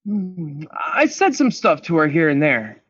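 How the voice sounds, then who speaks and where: A man's voice: on the high side, very animated, measured pace, fairly bright tone, husky, dry recording, dull audio. A man guest on a podcast, telling his story in a blunt, emphatic way with plenty of swearing. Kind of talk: candid storytelling interview.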